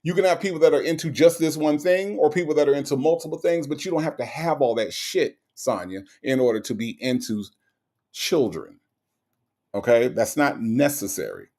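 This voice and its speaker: A man's voice: fairly high pitch, lively intonation, normal speed, darkish tone. A man hosting a live stream, reacting to a case and reading viewer comments in a blunt, mocking, repetitive way.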